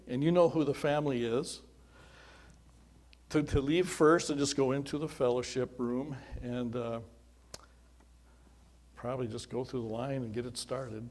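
A middle-aged pastor opens a simple memorial service with a warm welcome delivered as chatty, homespun storytelling, complete with quoted dialogue and asides. His voice is mid-range and a little mellow.

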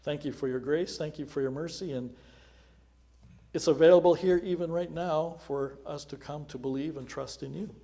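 A man leading a church service as pastor, praying aloud in an earnest, conversational way that swells and softens in loudness. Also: fairly high pitch, normal speed. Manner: earnest, prayerful, varying loudness. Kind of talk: spoken prayer in a church service.

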